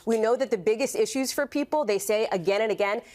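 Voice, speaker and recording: A woman's voice: on the high side, fast, a little mellow. Woman giving emphatic studio news analysis. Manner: fluent, emphatic, addresses the anchor by name. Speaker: news correspondent.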